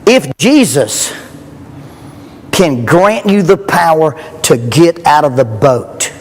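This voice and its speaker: A man's voice: on the high side, lively intonation, slow. A middle-aged man preaching a sermon at a youth rally, earnest and emphatic, asking rhetorical questions. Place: church. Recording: long reverb in a church hall, faint background noise.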